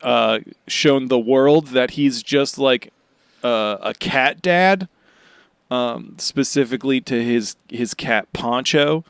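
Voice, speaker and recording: A male podcast co-host chats casually, joking and rambling between laughs. His voice is smooth and resonant. The sound is dry and close to the mic. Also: mid-range voice, slow, no room sound. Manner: jokey, rambling with fillers and laughs. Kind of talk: casual chat.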